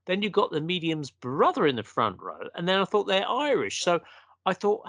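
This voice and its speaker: A man's voice: high-pitched, sing-song, moderate pace, fairly bright tone, no echo. A man, a guest telling a story in a casual conversation and acting out the quotes.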